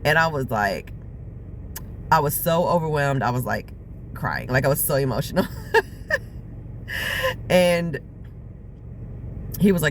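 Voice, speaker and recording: A woman's voice: low-pitched, expressive, unhurried, long pauses, a little hiss or hum. A woman vlogger telling her own story in a personal video diary, earnest and reflective, with frequent fillers.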